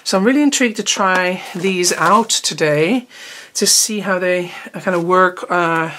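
A woman's voice: lowish voice, unhurried, fairly bright tone. A woman chatting casually while unboxing art supplies, rambling and often trailing off mid-sentence. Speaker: art teacher. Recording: noticeable background noise.

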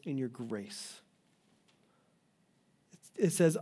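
Slowly and with a breathy edge, this middle-aged Canadian pastor pleads earnestly through his sermon, his pitch swinging widely and pauses coming often. His voice is a touch high but warm and mellow, and he sometimes breaks off to restart a phrase.

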